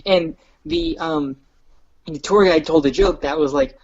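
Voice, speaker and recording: A man's voice: on the high side, unhurried, darkish tone, slightly rough, dull audio. A young man rambling through stories in a casual chat with a friend, restarting sentences and mimicking people's voices. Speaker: co-host.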